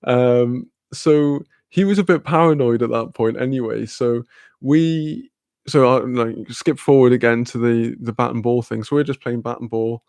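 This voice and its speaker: A man's voice: mid-range voice, moderate pace, darkish tone, dry recording. A young man, casually telling a rambling story with lots of fillers, laughter and swearing. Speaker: streamer.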